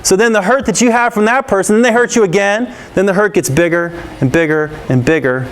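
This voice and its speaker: A man's voice: sits high, brisk, slight background noise. A man giving an interactive anti-bullying talk to a school audience, asking questions and laughing often. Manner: engaging, peppers the audience with questions; laughs often and acts out scenes.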